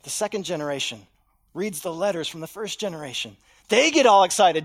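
High-voiced pastor preaching with dramatic swings. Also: male voice, sing-song, fairly quick. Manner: dramatic, swings from hushed to loud, acts out voices in quotes. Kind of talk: sermon.

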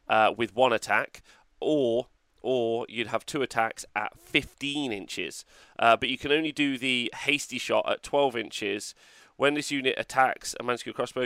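Excitable man, bright dry voice. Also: mid-range voice, no room sound. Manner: excitable, chatty, swears, reacts to viewer comments. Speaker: wargaming show host. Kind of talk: casual livestream rules review.

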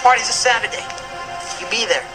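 A man's voice: very high voice, expressive, a little fast, low-quality recording. An actor playing a smug, cocky teenage boy in a TV sitcom, smarmy and commanding. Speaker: TV sitcom character. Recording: TV clip with loud music.

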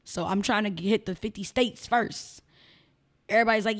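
A woman with a Chicago accent, a guest on a casual interview podcast, telling stories in an animated, emphatic way. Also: fairly high pitch, fairly quick. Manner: animated, emphatic storyteller who slips into mimicked voices.

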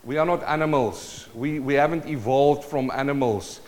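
A man's voice: medium pitch, moderate pace, a little mellow. Male preacher, South African accent, playful and interactive, recorded with long church reverb. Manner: playful, calls out to the congregation. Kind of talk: sermon.

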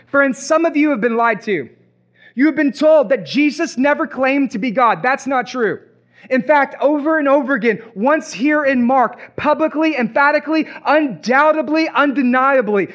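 A man's voice: very high-pitched, normal speed, fairly bright tone. A man preaching a sermon as pastor, emphatic, with rhetorical questions, repeated phrases and playful asides.

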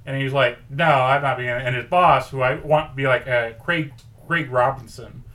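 Bright-voiced rambling podcast guy. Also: mid-range voice, moderate pace. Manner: rambling storyteller, acts out quoted lines. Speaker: podcast co-host pitching a movie idea. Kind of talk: casual chat.

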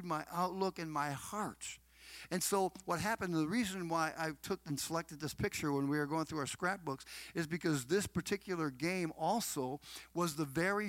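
A middle-aged man giving a heartfelt personal testimony as a guest, speaking fervently, repeating phrases for emphasis and drawing listeners in directly, his voice dropping to soft murmurs and then rising to loud proclamations. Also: on the high side, dry recording. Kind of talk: emotional storytelling testimony.

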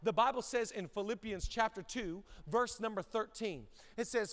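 A male pastor preaching a sermon, swinging between loud bursts and quick, low asides. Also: in a large hall. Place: church auditorium.

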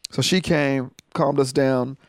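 A man co-hosting a casual podcast chat, an animated storyteller who keeps cracking jokes. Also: mid-range voice, slow, dry recording, clean studio sound. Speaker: podcast co-host.

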